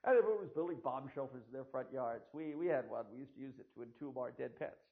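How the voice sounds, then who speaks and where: A man's voice: medium pitch, lively intonation, quick pace, background noise. An older American man giving a history lecture to an audience, with sardonic, dry asides. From United States. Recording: tinny phone-like lo-fi recording.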